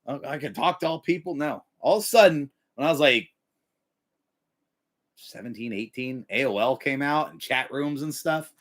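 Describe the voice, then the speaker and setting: A middle-aged man hosting a livestream, giving profane, animated life advice and breaking into yelled impressions. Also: medium pitch, moderate pace. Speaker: livestream host. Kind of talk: profane motivational rant.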